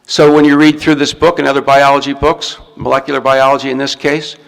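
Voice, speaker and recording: Guy giving a talk, gravelly voice, lots of restarts, reverby hall. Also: mid-range voice, little pitch movement, fairly quick. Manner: explains step by step, shows a book, restarts words often. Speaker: lecturer. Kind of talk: recorded talk to an audience.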